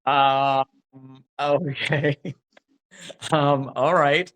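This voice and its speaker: A man's voice: a little high, level tone, very slow, a bit bright. Rambling, hesitant man. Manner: rambling, hesitant, many restarts and fillers. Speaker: actor, interview guest. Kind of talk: casual interview chat.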